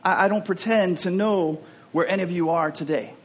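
A man's voice: sits high, moderate pace, husky. A man preaching a sermon as a pastor, talking in an earnest, openly personal way and often repeating words as he restarts.

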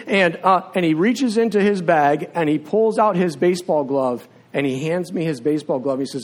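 A preacher whose voice sits a little high for a man delivers a sermon in a church sanctuary, filmed on camera, at normal speed with hardly any pauses. He tells personal stories in a relaxed, conversational way, like a teacher with a class. When he leads the room in prayer, his voice drops low and hushed.

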